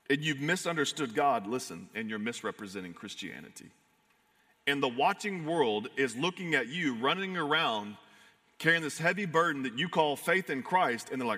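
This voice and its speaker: A man preaching a sermon in an earnest, emphatic way, swinging from fired-up to hushed. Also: mid-range voice, lively intonation, normal speed, in a large hall. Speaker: pastor.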